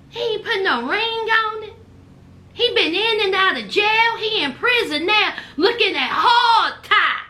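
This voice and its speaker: A woman's voice: very high-pitched, sharp tone. A woman giving a casual recap of a reality show, sassy and speaking straight to her viewers.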